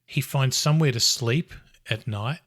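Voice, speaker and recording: A man's voice: medium pitch, moderate pace. Man recapping a film plot. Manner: relaxed, recaps the plot step by step. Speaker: podcast host. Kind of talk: casual film discussion.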